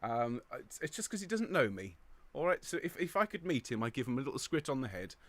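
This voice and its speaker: A chatty man from England hosting a choir live stream, greeting viewers and reading out their comments in a relaxed, upbeat way. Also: medium pitch, fast, no room sound. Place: indoor room overlooking a square.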